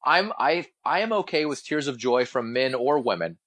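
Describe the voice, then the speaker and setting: A man's voice: mid-range voice, expressive, moderate pace, a bit bright. A young man co-hosting a casual podcast, blunt and opinionated, swearing freely. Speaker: podcast co-host.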